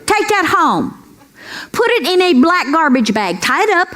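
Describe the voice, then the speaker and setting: A middle-aged woman does sassy, folksy stand-up on a comedy club stage, calling everyone "girls" and asking for amens, while the live recording catches audience laughter and room noise. Her very high, slightly bright voice takes big pitch swings at a normal speed.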